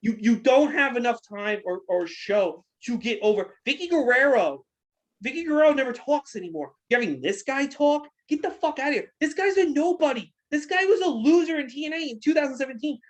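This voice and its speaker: A man's voice: extremely high pitch, lively intonation, a little fast. A man co-hosting a casual podcast, ranting angrily and profanely, firing repeated questions. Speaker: podcast co-host.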